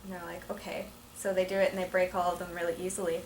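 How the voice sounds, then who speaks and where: A woman's voice: on the low side, level tone, quick pace, darkish tone. A teenage girl student who explains a passage and reads aloud, hesitant with many ums. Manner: hesitant, full of ums and likes. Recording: echoey room with faint noise.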